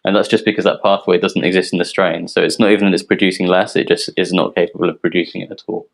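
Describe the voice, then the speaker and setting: Guy, deep voice, laid back, lots of ums, talking through brewing slides. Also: quick pace, creaky, poor audio. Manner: explanatory, filler-heavy, relaxed. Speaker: yeast company representative. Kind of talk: technical webinar presentation.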